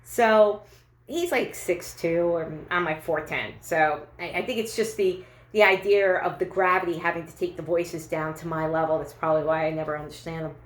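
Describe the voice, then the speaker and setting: A woman's voice: lowish voice, steady tone, normal speed, reverberant. A woman doing a stand-up comedy monologue, chatty and self-deprecating, with lots of fillers and restarts.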